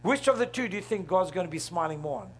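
A man's voice: sits high, animated, fast talker, slightly rough. A middle-aged man preaching a sermon, asking the congregation questions and laughing along with them. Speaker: pastor.

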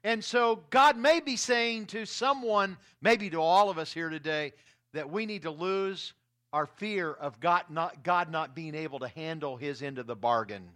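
A man, a pastor, preaching a sermon to his congregation, swinging between loud, urgent lines and hushed ones. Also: a little high, a little slow.

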